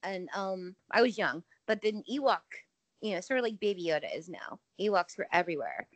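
A woman, around her forties, co-hosting a casual podcast, talking in an animated, emphatic way and swearing freely. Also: fairly low pitch, brisk, dry recording. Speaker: podcast co-host. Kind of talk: casual chat.

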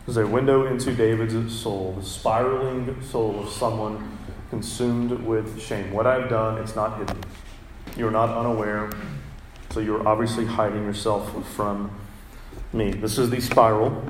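An earnest male pastor, preaching in a roomy sanctuary. His voice sits a little low, and he reads scripture slowly with deliberate pauses. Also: a little hiss or hum. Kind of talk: sermon.

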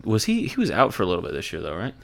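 A man's voice: on the low side, wildly swooping pitch, racing, gravelly, fairly bright tone. A young man chatting casually about sports on a podcast, laid-back and profane, with lots of fillers and restarts. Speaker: podcast co-host.

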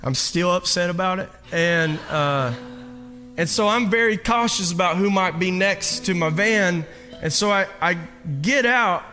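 A man, a pastor, telling an animated, self-mocking story in a sermon, now and then raising his voice to a shout. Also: on the high side. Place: church hall. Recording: long hall reverb with faint guitar.

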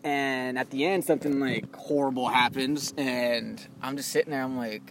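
A young man in casual chat about movies, loose and animated, swearing freely and calling his friend dude and bro. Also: mid-range voice, normal speed, slight background noise.

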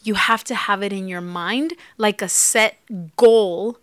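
A woman with a mid-pitched voice, speaking in a heartfelt, confessional way on a relationship podcast and often acting out remembered lines. The sound is dry and close. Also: slow pace, no echo. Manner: heartfelt, confessional, acts out quotes. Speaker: podcast co-host. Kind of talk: casual chat.

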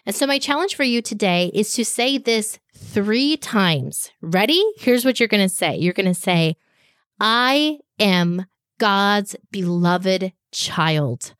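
A woman hosting a children's faith podcast, speaking directly to kids in a slow, emphatic teaching voice. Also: mid-range voice, expressive, no echo, studio quality. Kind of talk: scripted faith lesson for children. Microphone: podcast microphone.

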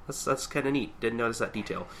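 A man co-hosting a podcast, casually recapping a manga chapter and acting out characters' lines with animated delivery. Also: medium pitch, a little hiss or hum. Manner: animated, acts out characters' lines in quick voices. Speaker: podcast co-host.

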